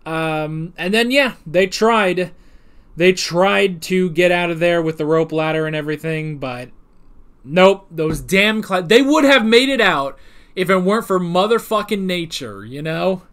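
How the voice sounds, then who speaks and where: A man's voice: high voice, expressive, a little slow, a bit bright, clear, resonant tone. A man giving a casual, rambling episode commentary with a self-deprecating manner. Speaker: TV show recap vlogger.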